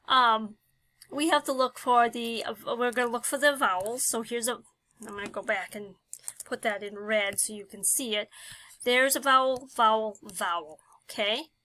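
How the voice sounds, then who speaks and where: A woman's voice: fairly high pitch, pushed and bright. A woman teaching a phonics lesson, talking patiently and thinking aloud with many fillers.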